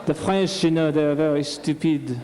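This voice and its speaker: A man's voice: on the high side, normal speed, noisy background. A man on stage at an amateur revue, telling long jokes to a live audience in a rambling, chatty way. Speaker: revue comedian.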